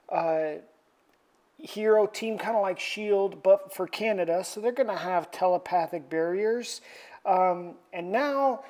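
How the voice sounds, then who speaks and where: A woman's voice: medium pitch, a little mellow. A woman hosting a comic book review channel, recapping an issue in a chatty, rambling way full of slangy asides.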